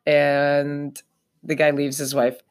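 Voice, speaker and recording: A woman's voice: low-pitched, flat delivery, takes it slowly. A young woman in casual podcast chat, telling a rambling story with lots of fillers.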